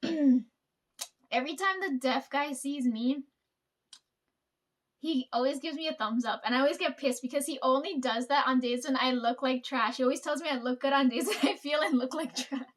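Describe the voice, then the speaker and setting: High-voiced woman telling a rambling story. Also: normal speed. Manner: rambling, profane, laughs often. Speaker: vlogger. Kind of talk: casual storytelling.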